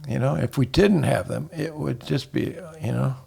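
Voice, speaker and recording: Gravelly, husky older man rambling. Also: mid-range voice, normal speed, warm tone. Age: 70s. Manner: rambling storyteller, many restarts. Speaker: guest. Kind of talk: casual chat.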